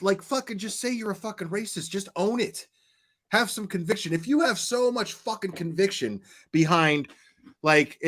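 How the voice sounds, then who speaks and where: Male commentator, slightly raised pitch; heated, profane, stammering reaction rants. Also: fairly bright tone. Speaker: commentary streamer.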